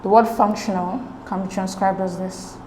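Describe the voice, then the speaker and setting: A woman tutors her way through English exam questions, explaining each step patiently and checking in with "okay?". Her voice is medium-pitched and a little mellow, with a steady tone and moderate pace. The room is echoey, with faint background noise.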